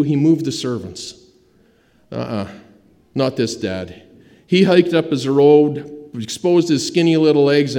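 Mellow-voiced pastor preaching in a hall. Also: male voice, medium pitch. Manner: dramatic storytelling, swinging from loud emphasis to hushed. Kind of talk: sermon. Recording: long hall reverb.

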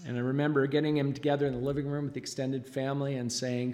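A man's voice: mid-range voice, little pitch movement, a little mellow. Choked-up father's testimony in echoing hall. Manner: halting, choked up, frequent pauses and fillers. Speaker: father giving a testimony in church. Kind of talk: emotional church testimony. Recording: long reverb of a large hall.

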